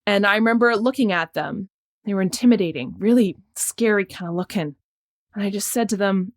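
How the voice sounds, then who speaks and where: A middle-aged woman physician, a podcast guest, talking in a reflective, animated storytelling way with occasional laughs. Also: medium pitch, a little fast. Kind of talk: casual conversation.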